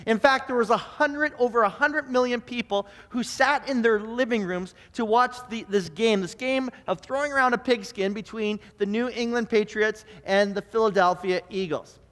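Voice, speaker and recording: A man's voice: very high voice, normal speed, few pauses. Man, pastor, sermon, stammering repeats, echoing sanctuary. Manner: animated storyteller who stammers and repeats words. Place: church sanctuary.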